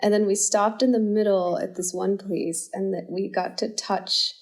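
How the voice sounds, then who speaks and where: A woman's voice: mid-range voice, steady tone, moderate pace. Chatty young woman telling stories. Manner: chatty storyteller, full of "like" fillers. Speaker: podcast guest. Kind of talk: casual chat.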